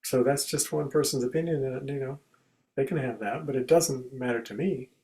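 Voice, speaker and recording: A man giving a contemplative spiritual talk in a conversational way, acting out everyday examples as quoted speech and going soft and quiet on key phrases. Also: mid-range voice, normal speed, low-quality recording. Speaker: spiritual teacher and speaker.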